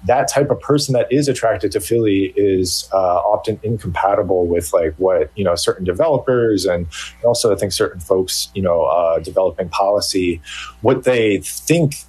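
A man's voice: sits low, moderate pace, a little mellow, husky, low-quality recording. A man who is a journalist guest on an interview, answering hesitantly with many restarts.

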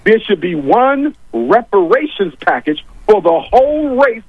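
A man's voice: high voice, big pitch swings, a little slow, slightly rough, no echo. A man arguing his points emphatically on a talk show, repeating key lines for weight. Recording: dull, dry lo-fi audio.

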